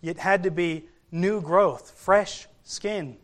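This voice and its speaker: Slow, high-voiced male preacher. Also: fairly bright tone. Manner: slow, storytelling delivery that acts out quoted voices. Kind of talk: sermon.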